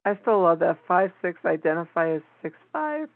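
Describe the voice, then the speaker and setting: An interview host talking in a reflective, measured way with some fillers. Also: medium pitch, sing-song, dry recording. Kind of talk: casual interview talk. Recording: tinny dry phone-like line.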